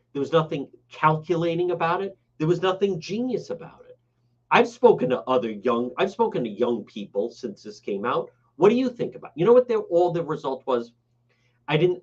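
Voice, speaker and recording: Man, radio talk host, blunt, sarcastic, scolding, lively swinging pitch, muffled broadcast sound. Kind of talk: combative talk radio monologue. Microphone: studio broadcast mic.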